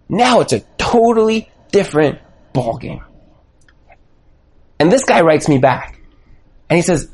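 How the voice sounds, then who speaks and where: Animated man giving a lively sermon. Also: high-pitched, moderate pace. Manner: animated, emphatic preaching with rhetorical questions. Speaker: rabbi teaching a Torah class.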